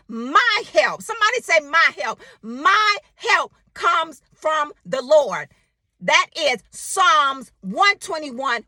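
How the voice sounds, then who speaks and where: A woman's voice: fairly high pitch, bright, forceful tone, dry recording, studio quality. A woman preaching a devotional sermon, exhorting her listeners, repeating her phrases, reciting scripture and calling for a response.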